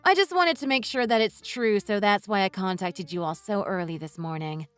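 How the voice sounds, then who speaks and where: A woman voicing a furious wife in a text-message story, who talks in a sharp, sarcastic, cutting way. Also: mid-range voice, moderate pace, clear, resonant tone, faint music behind, lightly acted. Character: furious wife confronting her in-laws.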